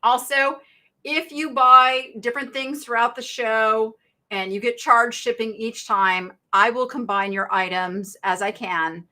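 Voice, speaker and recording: A woman runs a casual live-stream sale from her home studio, talking loosely and cheerfully to her viewers. Her voice is bright and forward, sitting a touch high for a woman. She rambles, jokes at herself and laughs easily between points. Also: steady tone, unhurried. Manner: chatty, bubbly, laughs often. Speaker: live-sale shopping host.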